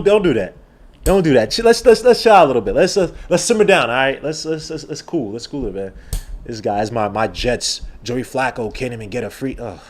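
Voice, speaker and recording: A man hosting a live sports podcast, talking in an animated, rambling way with exclamations and repeated words. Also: on the high side. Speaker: podcast host. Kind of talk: live-stream sports talk.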